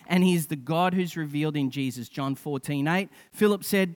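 A man, probably, preaching a sermon, building to fervent peaks and dropping to soft, slow emphasis. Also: a little high. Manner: impassioned preaching with rising emphasis and soft, drawn-out scripture quotes. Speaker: pastor.

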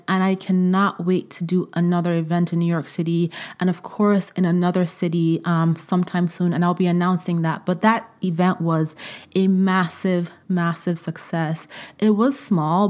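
A woman's voice: on the low side, steady tone, normal speed, darkish tone. A woman in her thirties hosting a solo podcast, talking effusively and emotionally, with frequent fillers and repeated words. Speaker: podcast host.

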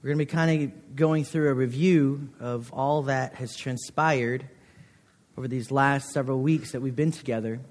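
A man's voice: mid-range voice, fairly even intonation, moderate pace. Man preaching in an echoing chapel. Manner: conversational and earnest, with frequent fillers. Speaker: chapel speaker. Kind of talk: chapel sermon with personal story. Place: college chapel. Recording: long hall reverb.

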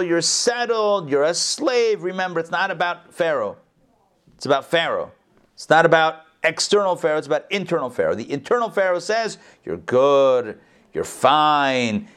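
A man giving an informal Torah class, animated, repeating phrases and answering his own questions. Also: on the high side. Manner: coughs, gets excited.

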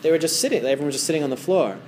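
A man's voice: fairly high pitch, expressive, racing, darkish tone, slight background noise. Rambling casual male meditation teacher. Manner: rambling storyteller with many fillers. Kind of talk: casual talk to a small group. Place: wellness center room.

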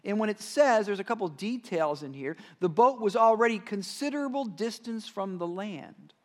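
Male pastor, high voice, conversational sermon delivery, hushes for emphasis. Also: expressive, moderate pace. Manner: conversational, frequent "right?" tag questions, drops to hushed tones for emphasis.

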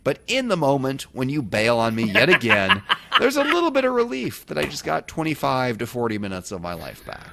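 A man's voice: medium pitch, wildly swooping pitch, fairly quick, gravelly, background noise. A man with a Midwestern American accent co-hosting a podcast, bantering in a dry, teasing, mock-serious way. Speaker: podcast co-host.

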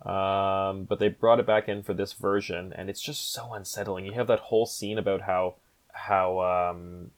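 A man's voice: low voice, steady tone, moderate pace. A man hosting a podcast, casually talking through a horror film with lots of fillers and restarts. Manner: rambling, enthusiastic, many fillers and restarts. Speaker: podcast host. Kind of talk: casual film review monologue.

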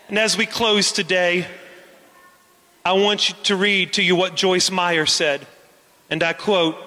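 A man's voice: sits high, fairly even intonation, unhurried, long pauses, sharp tone, long reverb tail. A man preaching a sermon as pastor, asking the congregation questions and waiting on their answers. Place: church.

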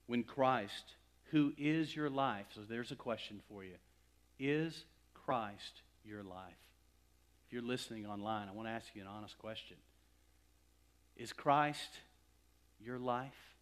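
A male pastor preaching a sermon, building to emphatic, louder swells and then dropping to hushed, slow asides. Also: mid-range voice.

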